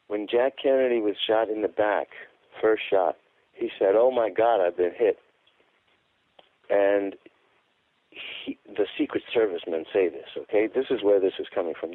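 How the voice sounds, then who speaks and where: A man's voice: on the low side, dry recording. A man as a radio guest, telling his account emphatically and repeating words for stress. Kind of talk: phone-in radio interview. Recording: tinny phone line.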